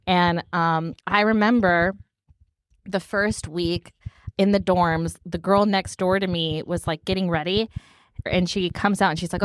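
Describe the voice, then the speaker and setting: Woman from puerto rico, fast animated storytelling, dry close sound. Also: on the low side, no room sound. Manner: animated storyteller, quick bursts. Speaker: podcast co-host. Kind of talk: casual chat.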